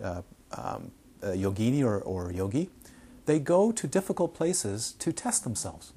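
A man giving an informal Dharma talk to a small group, telling stories with animated asides. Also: medium pitch, breathy edge. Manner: animated storytelling, acts out quoted voices. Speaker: meditation teacher.

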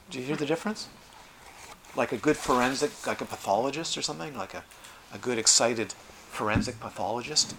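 A middle-aged man leads a meditation retreat talk in an animated, playful way. His voice has a bright edge, and a faint hiss sits under the recording. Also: medium pitch, brisk, pauses often. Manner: animated, acts out quoted voices, lively asides. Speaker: meditation teacher.

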